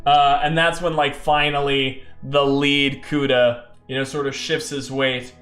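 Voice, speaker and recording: A man's voice: mid-range voice, level tone, unhurried, fairly bright tone, echoey room. A man narrating his own solo tabletop game in a loose, rambling way, full of fillers.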